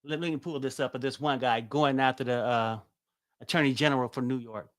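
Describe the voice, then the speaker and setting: A man's voice: mid-range voice, fairly even intonation, brisk, no room sound, clean studio sound. A man hosting a casual political commentary show, blunt and exasperated, swearing freely.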